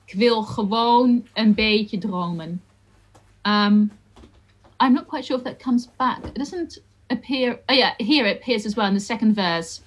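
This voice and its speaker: A woman teaching the pronunciation of song lyrics in a chatty, informal way, sounding out each word slowly. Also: mid-range voice, poor audio. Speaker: singing and Dutch diction teacher. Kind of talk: lesson, talking through song pronunciation.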